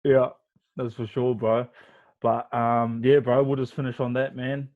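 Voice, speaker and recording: Brief: male host, mid-pitched, brief nods of agreement, laid-back. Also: level tone, measured pace, phone-quality sound. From Australia. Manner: brief agreeing backchannels, says bro. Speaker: podcast host.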